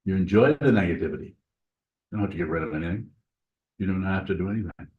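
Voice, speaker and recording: A man's voice: low-pitched, quick pace, narrow, tinny audio. A man teaching as a Zen teacher, giving a dharma talk and answering questions in a plain, repetitive, conversational way.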